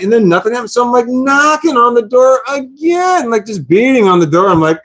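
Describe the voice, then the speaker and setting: Rambling man with a high voice. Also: lively intonation, brisk, few pauses, fairly bright tone. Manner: rambling, repeats himself, swears. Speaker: vlogger. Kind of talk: casual storytelling.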